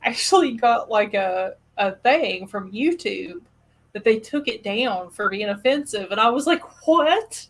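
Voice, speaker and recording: A woman's voice: mid-range voice, unhurried, low-quality recording. Chatty woman hosting. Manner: animated storyteller with frequent laughs and fillers. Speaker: podcast host. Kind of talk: casual chat.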